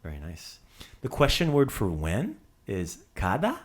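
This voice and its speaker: A man's voice: on the low side, wildly swooping pitch, a little slow. A man hosting a casual language lesson, drilling words with playful asides. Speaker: language teacher.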